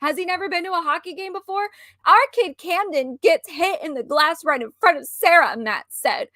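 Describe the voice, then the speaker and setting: Female co-host, high and sharp, exasperated ranter, dry close sound. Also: moderate pace, no echo. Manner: animated, ranting and exasperated. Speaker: stream co-host. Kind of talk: casual chat.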